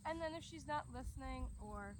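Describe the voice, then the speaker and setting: A woman dog trainer explaining commands outdoors in a relaxed way, breaking off to give short commands to her dog. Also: high-pitched, normal speed. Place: outdoors in a grassy yard. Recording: outdoor recording with crickets and background noise.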